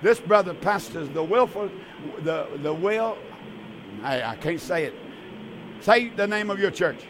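A man's voice: high voice, expressive, measured pace, noisy background. An older man, hosting a religious radio call-in show as pastor, emphatic and repetitive. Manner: warm, emphatic, repetitive preacher's talk.

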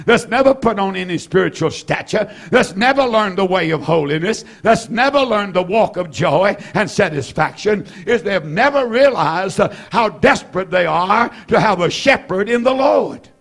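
Older male preacher in his 70s, high-pitched, fervent, repetitive delivery, shouts at peaks, lots of "uh" fillers. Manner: frequent "uh" fillers and restarts. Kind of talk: evening sermon.

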